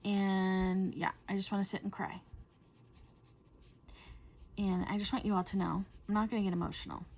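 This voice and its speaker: A middle-aged woman hosting a coloring video, chatting in a rambling way and often dropping to a soft whisper. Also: mid-range voice, flat delivery, normal speed, creaky. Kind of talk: casual chat while coloring.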